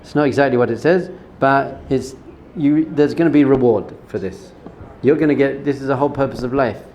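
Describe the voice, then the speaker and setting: A rabbi giving an informal Torah lesson, talking conversationally, repeating words for emphasis and telling personal stories. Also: male voice, medium pitch, fairly quick, darkish tone, slight background noise. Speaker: rabbi teaching a class.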